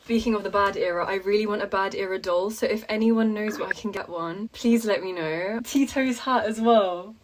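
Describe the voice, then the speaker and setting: Gushing, excitable woman. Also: mid-range voice, normal speed, hardly any pauses, a little hiss or hum. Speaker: content creator reacting to a trailer. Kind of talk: excited reaction vlog.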